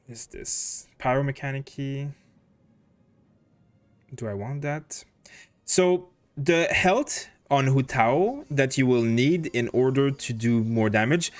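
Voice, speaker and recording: Lively-voiced man streaming a game. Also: medium pitch, dry recording. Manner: thinks aloud, answers chat questions with many fillers. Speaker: livestream gaming host. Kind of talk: casual livestream commentary while playing.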